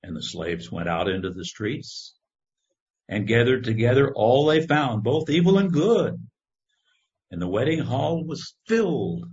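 A man preaching a sermon, reading scripture in a slow, measured way. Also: medium pitch, big pitch swings, darkish tone. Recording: dull lo-fi recording.

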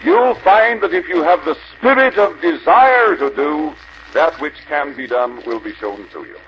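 Older male preacher, fervent exhortation, lively pitch, muffled archival tape. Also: unhurried. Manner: earnest exhorting, rhetorical questions. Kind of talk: convention sermon. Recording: dull archival recording with faint hiss.

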